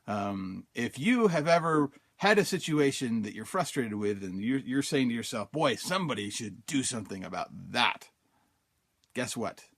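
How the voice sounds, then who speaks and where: A man's voice: mid-range voice, expressive, normal speed, fairly bright tone. Chatty man telling a personal story. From Utah, USA. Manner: conversational, many fillers, acts out his own quoted thoughts. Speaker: podcast host. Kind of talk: casual storytelling monologue.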